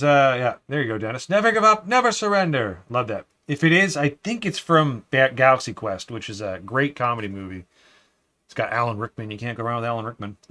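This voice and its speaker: Laid-back chatty man, mid-pitched. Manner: laid-back and chatty, reads viewer comments aloud and often ends lines with "man"; sometimes drops to a quiet mutter while concentrating on the build. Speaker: live-stream host. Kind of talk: casual live-stream chat while building.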